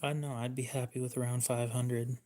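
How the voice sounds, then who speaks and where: A man's voice: mid-range voice, flat delivery, brisk, darkish tone. A young man hosting a livestream, giving dry, teasing replies to chat in casual talk. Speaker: livestream host.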